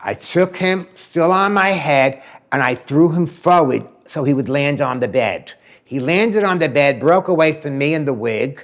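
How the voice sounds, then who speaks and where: A man telling a story in an animated way, acting out the voices of the people in it. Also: on the high side, unhurried. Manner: acts out the voices in his story. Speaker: interviewee. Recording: music bed behind voice.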